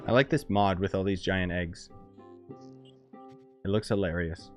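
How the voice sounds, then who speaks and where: A man live-streaming a game, chatting casually and excitedly with viewers as he plays and rambling between topics. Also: low-pitched, unhurried, faint music behind. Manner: excitable, rambling, chats with viewers while playing.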